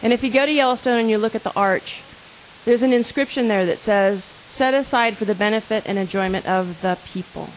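A woman's voice: fairly high pitch, a little fast, slight background noise, low-quality recording. A woman speaking as a park service official, giving an earnest talk and quizzing her audience. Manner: asks audience questions, earnest and conversational.

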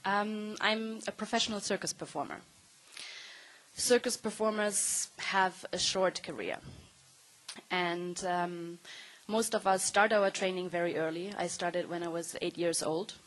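A woman's voice: on the low side, fairly even intonation, measured pace, low-quality recording. Woman in her thirties speaking on a panel. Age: 30s. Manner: earnest, with frequent ums and restarts. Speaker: circus performer on a panel. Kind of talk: panel talk.

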